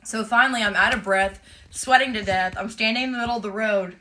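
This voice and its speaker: Bright-voiced woman telling a story. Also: medium pitch, fast, a little hiss or hum. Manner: lively, vivid retelling with quoted exchanges. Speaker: emu owner telling a story. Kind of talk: casual storytelling.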